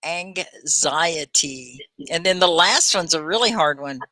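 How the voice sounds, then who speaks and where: A Texan woman hosts a relaxed online English lesson, sounding words out and laughing often. Her voice sits a little low but rings bright and lively. The sound is dry and close, with no room around it. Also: a little fast, dry recording. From Texas. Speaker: ESL teacher and host. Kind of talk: casual live-stream English lesson.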